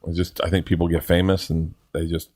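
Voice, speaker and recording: A man's voice: sits low, level tone, fairly quick, a little mellow, no echo, studio quality. A middle-aged man, a guest comedian, telling rambling, laughing, profane anecdotes in casual chat. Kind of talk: casual storytelling.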